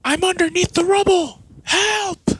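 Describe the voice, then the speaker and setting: A man's voice: a little slow, slight background noise. Naruto, a frantic trapped boy. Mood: pleading. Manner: high frantic shouting. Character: trapped young boy crying for help.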